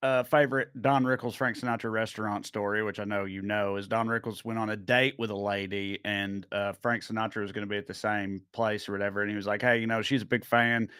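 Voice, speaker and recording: A man's voice: lowish voice, level tone, quick pace, few pauses, clean tone, no echo. Rambling man, dry studio voice. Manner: rambling, full of fillers, drops quiet mid-story. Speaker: podcast host. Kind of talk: casual chat, storytelling.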